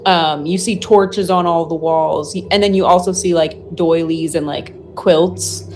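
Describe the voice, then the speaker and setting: A woman's voice: lowish voice, fairly even intonation, unhurried, a little mellow, a little hiss or hum. A woman playing at a tabletop game, describing things in a rambling way full of fillers. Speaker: player.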